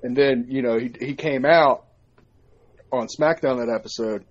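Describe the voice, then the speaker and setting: A man telling a story in a casual chat, profane and animated as he recounts it. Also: medium pitch, moderate pace, muffled recording. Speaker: podcast co-host.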